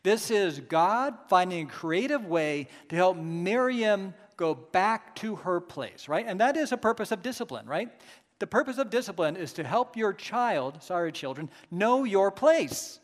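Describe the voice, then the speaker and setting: A man's voice: high-pitched, lively intonation, unhurried, in a large hall. A man preaching a sermon with emphatic, rhetorical asides to his congregation. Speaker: pastor.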